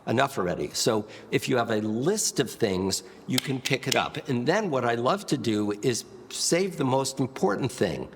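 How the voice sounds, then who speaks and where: A man's voice: medium pitch, lively intonation, a little slow, few pauses, slight background noise. Emphatic male speaking coach, reverberant sound. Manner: emphatic, varies loudness and pace to demonstrate, asks rhetorical questions. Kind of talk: spoken lesson with live demonstrations.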